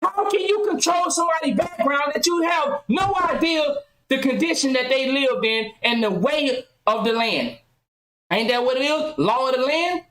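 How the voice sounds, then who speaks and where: Woman podcast host going off, loud and passionate, lots of questions, high voice, echoey room. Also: moderate pace, background noise. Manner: loud, impassioned, rhetorical questions. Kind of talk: passionate social commentary.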